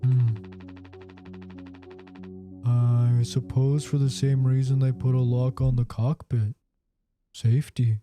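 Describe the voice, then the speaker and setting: An actor playing a calm, thoughtful male ship captain who speaks in a measured way. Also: medium pitch, natural voice. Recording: game dialogue over music.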